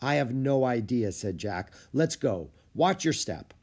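A man's voice: medium pitch, big pitch swings, unhurried, darkish tone. A man voicing a cautious young boy, earnest and urgent.

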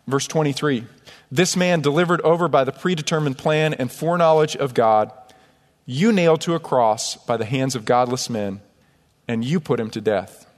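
A man preaching a sermon as pastor, emphatic, reading scripture aloud between his own points. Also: fairly high pitch. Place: church sanctuary. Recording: long church hall reverb.

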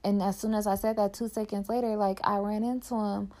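Speaking a little fast with a flat, mellow delivery at medium pitch, a young woman podcaster talks openly and from the heart about her personal life, peppering her casual reflection with "like."

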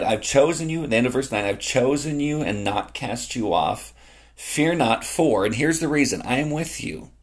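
A middle-aged man gives a sermon as a pastor. He reads scripture and then explains it in a warm, conversational way, coming back again and again to the same key phrases. His voice sits in an average male range. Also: mid-range voice. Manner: earnest, conversational, repeats key phrases for emphasis.

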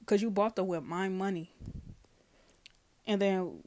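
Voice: mid-range voice, steady tone, measured pace, darkish tone. A podcast host talking casually and at length, swearing freely and acting out conversations while telling a story. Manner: profane, storytelling, acts out dialogue; rambling, self-correcting. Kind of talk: casual discussion monologue.

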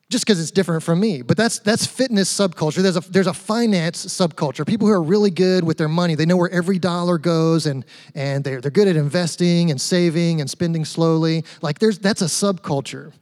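Higher-voiced man preaching in a big echoey hall. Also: normal speed, darkish tone. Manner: chatty, asks the audience rhetorical questions, light humor. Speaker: pastor. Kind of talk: conversational sermon. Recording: long reverb of a large hall.

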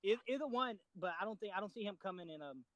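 A man on a football discussion panel who speaks hesitantly, with many pauses and restarts. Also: high-pitched, lively intonation, fairly bright tone, dry recording, rough recording. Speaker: podcast panelist.

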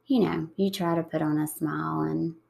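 A woman in her thirties, soft-spoken and reflective, talking slowly with pauses in an emotional interview. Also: sits low, steady tone, gravelly. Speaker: guest.

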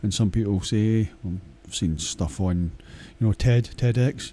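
A man's voice: fairly low pitch, measured pace, hardly any pauses, warm tone. A Scottish man talking in a casual, rambling monologue, blunt and crude, swearing often and hesitating with many fillers.

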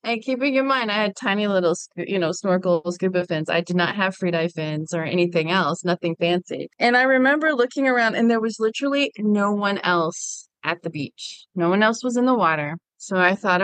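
A woman's voice: medium pitch, brisk, hardly any pauses, no room sound, low-quality recording. A woman from Hawaii, a freediving instructor, telling stories in a casual interview and acting out her own past thoughts. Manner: lively, animated storyteller who acts out her past thoughts.

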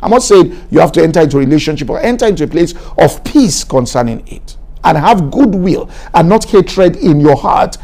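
A man preaching a sermon, exhorting his listeners in a repetitive, emphatic style that climbs higher as he builds. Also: animated, fairly quick, dark tone. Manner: preaching, rising to an emphatic raised pitch. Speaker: pastor.

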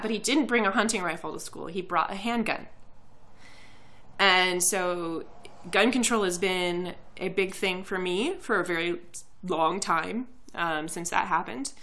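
A woman's voice: fairly low pitch, bright, forceful tone. A young woman co-hosting a podcast, a little tipsy, talking earnestly in casual chat with many fillers and restarts. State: tipsy from drinking. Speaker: podcast co-host.

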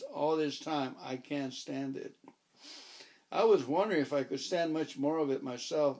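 A man's voice: fairly high pitch, darkish tone. Wry male audiobook narrator.

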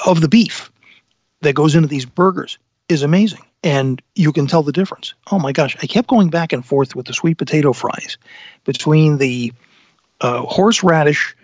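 This man's voice sits on the high side as he hosts a live remote radio show from an inn dining room, talking with enthusiasm and many fillers. The recording is dry and muffled.

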